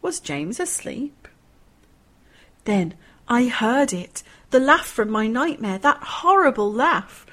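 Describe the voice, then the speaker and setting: Woman reading a creepy horror story out loud, dramatic and expressive, kinda cheery. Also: mid-range voice.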